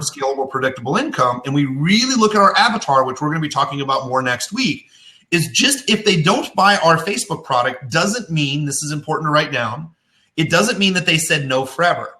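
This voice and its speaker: A middle-aged man hosting a business web show, teaching in a casual way and telling anecdotes with lively acted-out voices. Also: a little high. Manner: animated storytelling, acts out voices in anecdotes.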